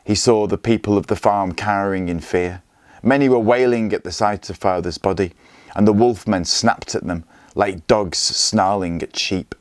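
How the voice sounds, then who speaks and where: Low-voiced man reading a story aloud. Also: moderate pace, no room sound. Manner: steady, expressive storytelling. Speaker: teacher reading a novel aloud. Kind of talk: read-aloud story narration.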